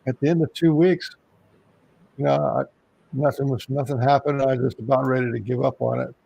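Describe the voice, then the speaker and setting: A man's voice: mid-range voice, steady tone, brisk, gravelly, mellow, breathy edge, lo-fi sound. A man from Texas, a guest on an interview show, telling a long story in a casual, rambling way with many restarts. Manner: rambling, with frequent restarts and fillers.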